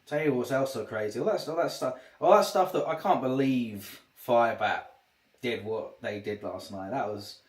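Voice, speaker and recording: Man streamer, casual, self-interrupting talk, mid pitch, echoey room. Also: moderate pace. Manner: rambling, restarts sentences often. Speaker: livestreamer. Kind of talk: casual livestream chat. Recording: roomy echo.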